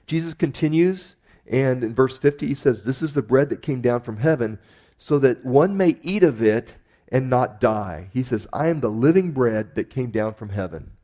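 A male pastor delivers a sermon in a relaxed, conversational way. His voice is mellow and dark, and his pitch sits in the middle. He lifts and presses on key phrases for emphasis. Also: normal speed. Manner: conversational preaching with emphatic rises.

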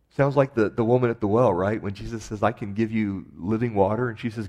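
A man's voice: fairly low pitch, brisk, hardly any pauses, warm tone. A man preaching a sermon in a conversational way, with emphatic rises on key phrases. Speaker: pastor.

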